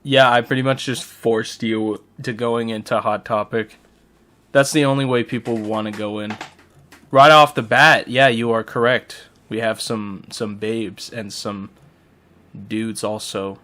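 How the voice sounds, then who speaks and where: A man's voice: lowish voice, fairly even intonation, a bit bright. A man co-hosting a podcast, chatting casually and jokily while playing a game. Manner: jokey, rambling, quick asides. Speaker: podcast co-host.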